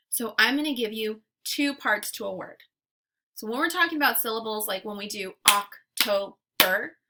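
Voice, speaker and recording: A woman teacher leading a phonics lesson for young children, patient and deliberate, stretching out sounds and syllables. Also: mid-range voice, background noise.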